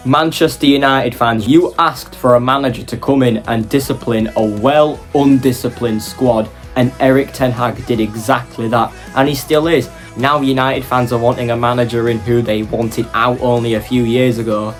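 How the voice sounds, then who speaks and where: A man's voice: medium pitch, fairly even intonation, normal speed, hardly any pauses, soft background music. A man delivering a passionate, opinionated football fan monologue for his vlog.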